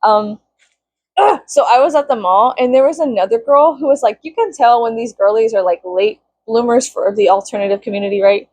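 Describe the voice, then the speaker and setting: A woman in her thirties ranting casually to camera, profane and sarcastic, sometimes pitching up into high mocking tones. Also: a little fast, a little mellow, slight background noise, low-quality recording. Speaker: vlogger. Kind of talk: casual venting rant to camera.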